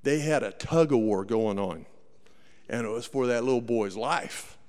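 A man's voice: medium pitch, unhurried, a little mellow. A man telling a story in a sermon, folksy and dramatic, acting out the voices of the people in it. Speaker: preacher. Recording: long hall reverb.

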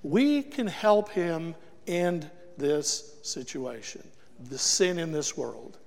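In a church with a big-room sound, a guest preacher gives an emphatic sermon with an altar call, pressing rhetorical questions on his listeners. His slightly high voice is expressive, slow, gravelly and a little mellow.

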